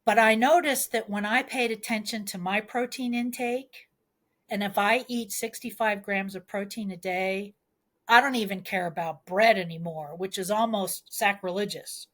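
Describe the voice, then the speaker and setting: A woman's voice: mid-range voice, steady tone, normal speed. A woman midwife talking in a podcast interview, explaining earnestly with homely analogies and pleading advice.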